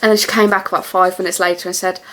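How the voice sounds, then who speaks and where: A woman's voice: fairly low pitch, little pitch movement, very fast, fairly bright tone, slight background noise. A young woman chatting casually to camera at home, rambling with lots of fillers. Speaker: vlogger.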